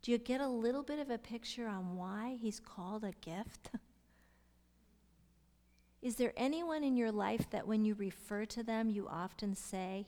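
A middle-aged woman with a somewhat high voice leads a Bible teaching. She asks her listeners questions and drops to soft whispers for emphasis. A long hall reverb trails after her words. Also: measured pace.

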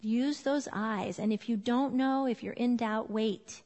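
A woman's voice: a little high, measured pace, dark tone. A middle-aged woman giving an informal, earnest teaching talk to a group of parents, chatty and emphatic, with repeated words for stress. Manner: conversational, earnest, emphatic repetitions. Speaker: parenting class speaker. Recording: long reverb of a hall.

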